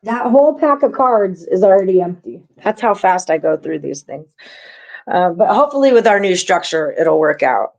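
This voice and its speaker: A woman's voice: on the low side, sing-song, normal speed, a little mellow, muffled recording. A woman hosting a live sports-betting stream, chatting loosely with viewers and co-hosts. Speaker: sports betting show host. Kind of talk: casual live-stream chat.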